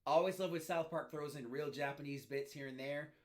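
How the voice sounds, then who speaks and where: A man's voice: a little high, fairly quick, slight background noise. A man hosting a reaction video, talking casually and upbeat between clips. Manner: upbeat, talkative, laughs often.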